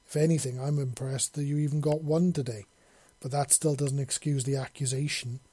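A man voicing a gruff, stern old fisherman in a science-fiction audiobook, boastful and fond of calling people lassie. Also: mid-range voice, fairly even intonation, brisk, mellow, lightly acted.

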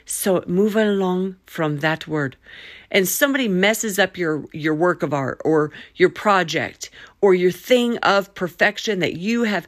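A woman hosting a faith-based solo podcast, talking in a folksy, preachy way with drawn-out emphatic phrases and a playful Southern drawl. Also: fairly low pitch, animated, no echo, studio quality. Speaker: podcast host.

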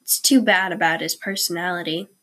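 A woman reading the part of a nervous, secretive young actress who speaks softly and anxiously. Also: fairly low pitch, steady tone, a little fast. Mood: hushed. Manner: soft, anxious.

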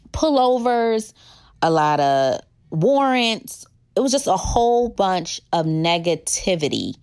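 A woman's voice: lowish voice, no echo, studio quality. A young adult woman telling her own story in a candid, conversational way with casual slang. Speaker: former 911 dispatcher telling her story. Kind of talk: personal storytelling.

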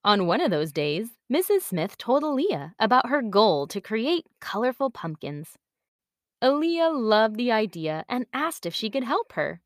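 A woman reading a children's story aloud with an expressive storybook cadence. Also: fairly high pitch, unhurried, no room sound, studio quality.

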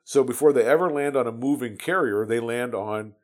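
A man's voice: mid-range voice, fairly quick, a little mellow. A man in his fifties from the United States, telling his Navy stories in a casual, rambling way with many restarts and fillers. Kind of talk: casual storytelling.

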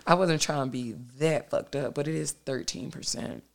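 Woman, 30s, podcast host, low voice, gravelly fry, loud, candid, swears, recording at home. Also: normal speed. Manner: loud and boisterous, candid, profane, filler-heavy. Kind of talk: casual solo podcast monologue. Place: at home at her dining room table.

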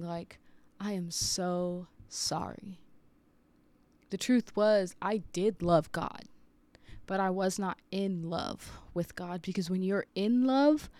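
A woman's voice: on the low side, darkish tone, dry recording. A woman in her thirties, a preacher, sharing an earnest, confessional story in a personal devotional talk. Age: 30s.

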